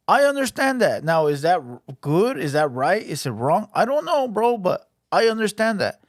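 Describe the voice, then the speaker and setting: A young man with a Mexican-American accent gives casual, profane reaction commentary, checking in with "right?" and "bro". His voice sits a bit high, and the recording is dry and close with no room sound. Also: sing-song, moderate pace, hardly any pauses, no room sound. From United States. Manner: blunt, profane, talks with many "right?" and "bro". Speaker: reaction channel host.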